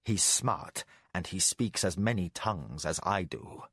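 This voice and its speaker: Guy reading a quiet spy master, low hushed terse voice, audiobook, dry and close. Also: lively intonation, unhurried, husky, no room sound, full character voice. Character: quiet, cool-headed male spy master. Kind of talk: audiobook character voice.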